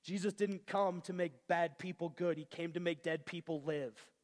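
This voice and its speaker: A man's voice: a little high, fairly even intonation, normal speed, big-room sound. A man preaching a sermon in a casual, conversational way with slang. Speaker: pastor.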